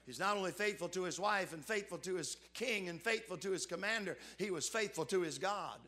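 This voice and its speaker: A man, preaching a sermon and swinging between fervent, raised passages and hushed, earnest ones. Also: high voice, a little fast.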